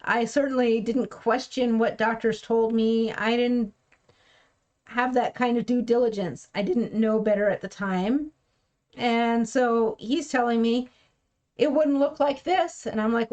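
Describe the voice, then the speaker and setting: A woman's voice: a little high, fairly even intonation, unhurried, darkish tone, muffled recording. A woman vlogger telling a personal story in a frank, plainspoken way, sometimes acting out what others said. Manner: frank and plainspoken, acts out quoted speech. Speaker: keto vlogger.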